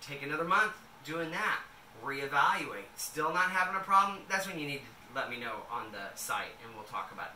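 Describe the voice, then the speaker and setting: A man's voice: fairly high pitch, lively intonation, normal speed, sharp tone, slight background noise. A man in a casual home kitchen vlog, talking in a loose, rambling way with many fillers as he makes a salad. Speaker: vlogger. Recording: echoey room, a bit distant.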